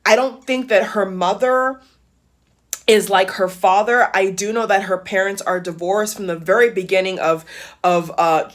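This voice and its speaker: A woman's voice: mid-range voice, steady tone, normal speed. A woman giving impassioned vlog commentary, emphatic and blunt, repeating phrases for emphasis and swearing. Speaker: YouTube commentator.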